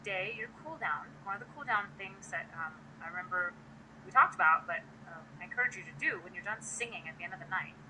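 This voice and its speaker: A woman's voice: lowish voice, lively intonation, fast, bright, forceful tone, slight background noise, low-quality recording. A woman giving a casual live-streamed singing lesson, chatting to viewers and demonstrating sounds as she explains. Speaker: voice teacher.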